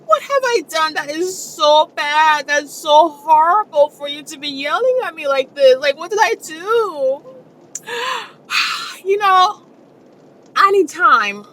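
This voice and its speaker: A woman acting out a tearful, distressed wife pleading with her husband, with high sobbing cries. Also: lively intonation, slow pace, a bit bright, slight background noise, exaggerated voice.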